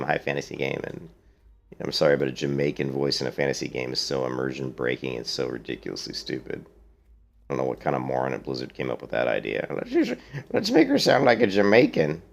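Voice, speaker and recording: A man's voice: extremely low pitch, fairly even intonation, fast talker, vocal fry. A man streaming a video game, chatting casually with viewers and answering their questions in a blunt, opinionated way. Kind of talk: casual let's-play commentary.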